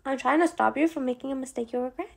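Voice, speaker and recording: A woman voicing a young man who speaks low and urgently with a lilting accent, in an audiobook reading. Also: quick pace, vocal fry, exaggerated voice. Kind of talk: audiobook character voice.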